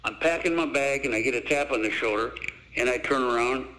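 A man's voice: medium pitch, brisk, poor audio. An older man, a former basketball coach, telling stories in an interview and acting out the people in them. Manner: animated storyteller, acts out quoted voices. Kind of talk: storytelling interview.

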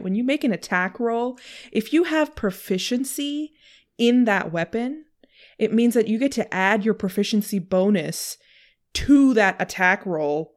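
A woman co-hosting a podcast, casually explaining tabletop game rules in a conversational way. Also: mid-range voice. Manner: conversational, with frequent "like" and laughs. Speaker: co-host.

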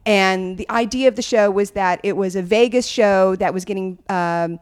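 A woman comedian chats on a podcast, telling stories and slipping into the voices of the people she describes. Her voice sits at a middle pitch, recorded dry and close with no room sound. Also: normal speed, clean tone, no room sound. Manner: animated storytelling, acting out quoted voices. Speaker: guest comedian. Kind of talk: casual podcast chat.

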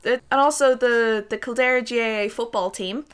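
A woman's voice: a little high, normal speed, clean tone. An Irish woman co-hosting a casual chat, adding facts with a dry, teasing manner. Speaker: podcast co-host.

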